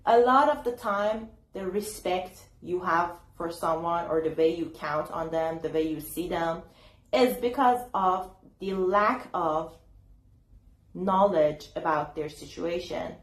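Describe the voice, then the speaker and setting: A woman's voice: on the low side, slow, echoey room, low-quality recording. A young woman talking casually to camera in an advice vlog, chatty and full of fillers, acting out what people said. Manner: chatty, lots of fillers, acts out quotes. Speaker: YouTuber.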